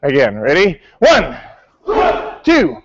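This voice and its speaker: A man's voice: a little high, huge pitch swings, slow pace, muffled recording, a crowd in the background. A male martial arts instructor teaching a class, calling out counts and coaching his students. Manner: barks counts, coaching and correcting.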